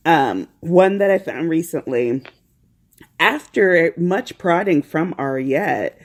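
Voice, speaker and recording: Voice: mid-range voice, lively intonation, slow. A podcast host chatting casually from home while feeling unwell, rambling and laughing often.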